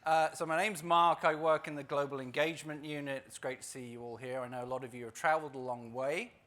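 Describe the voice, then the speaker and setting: A man's voice: on the high side, steady tone, fast, a bit bright. A man introducing a group exercise to a live audience in a wry, self-deprecating way, repeating words for emphasis. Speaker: workshop facilitator. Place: conference session room.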